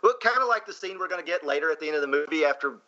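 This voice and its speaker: A man's voice: fairly high pitch, expressive, rapid-fire, bright, forceful tone, lo-fi sound. A man with a Southern accent co-hosting a casual movie discussion, chatty and laughing often between fillers. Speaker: podcast co-host.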